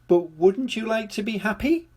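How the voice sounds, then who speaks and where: Man doing a cheery little storybook girl, chirpy, high voice, slow and lilting. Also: lively intonation. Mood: curious. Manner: brisk, chirpy and bright. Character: cheerful, bossy little girl full of sunshine.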